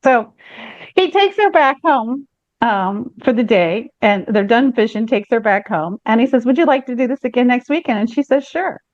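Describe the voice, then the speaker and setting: A woman's voice: on the high side, normal speed, no room sound, lo-fi sound. A woman podcast host in casual chat, telling a long joke with many ums and restarts. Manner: rambling storyteller with many fillers and restarts.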